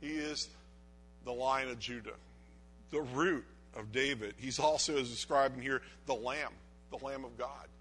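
A man preaching a sermon, reading scripture aloud and dropping to a hushed, low voice for the verses, then rising to loud urging, with frequent restarts. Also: unhurried.

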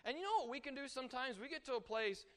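A man preaching a sermon, animated, rising and falling for emphasis and acting out quoted voices. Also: extremely high pitch, fast.

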